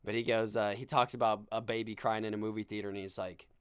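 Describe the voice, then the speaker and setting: A man's voice: on the low side, flat delivery, fast, clear, resonant tone, no room sound, clean studio sound. A young man hosting a podcast, delivering a sarcastic comedic rant with self-deprecating asides. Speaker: podcast host. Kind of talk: comedic monologue.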